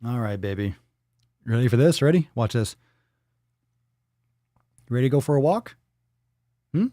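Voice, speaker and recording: A man's voice: mid-range voice, animated, moderate pace, warm tone, dry recording, studio quality. A man hosting a casual livestream, playful and swearing freely, cooing at his dog in baby talk. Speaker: livestream host.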